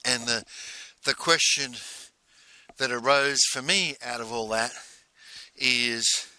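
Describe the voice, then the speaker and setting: A man coaching in a monologue, telling a personal story in a halting way and repeating phrases for emphasis. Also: medium pitch, bright, forceful tone, no echo. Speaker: business coach.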